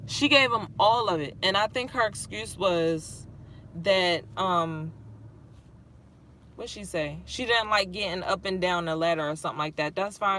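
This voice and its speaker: A woman's voice: mid-range voice, fairly bright tone, slight background noise. A woman caring for her father, venting on a livestream in a frustrated, rambling way, swearing often and close to tears. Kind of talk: livestream vent, reading chat.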